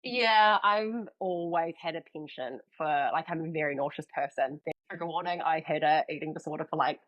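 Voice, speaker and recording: A woman's voice: sits low, normal speed, muffled recording. A young woman with a New Zealand accent, a podcast guest telling a personal story in casual chat and acting out what people said. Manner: animated storyteller, acts out quoted lines.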